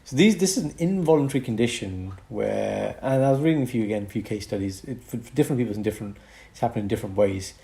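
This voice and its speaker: A man who is a doctor and podcast co-host, explaining a medical condition in a casual, lively chat. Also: medium pitch, fast, creaky, hardly any pauses. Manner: explains medical topics, lively, slips into mock accents.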